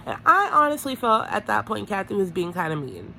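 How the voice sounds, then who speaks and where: A woman's voice: mid-range voice, sing-song, fairly quick, gravelly, bright, forceful tone, a little hiss or hum. A woman chatting casually through a TV episode recap, gossipy and full of "like"s, often correcting herself mid-sentence. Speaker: reality TV recap vlogger.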